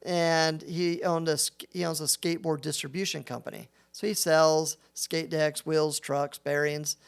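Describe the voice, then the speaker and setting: Gravelly-voiced man telling a story. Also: on the high side, measured pace. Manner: animated storyteller who acts out quotes. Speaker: business founder, guest. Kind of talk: casual interview storytelling.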